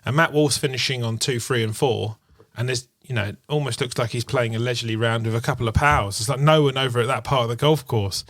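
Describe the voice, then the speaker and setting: A man telling golf stories in casual chat, rambling and animated with lots of fillers. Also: medium pitch, fast, hardly any pauses, dry recording, clean studio sound. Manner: rambling, animated storytelling full of "like" and "you know". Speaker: podcast co-host.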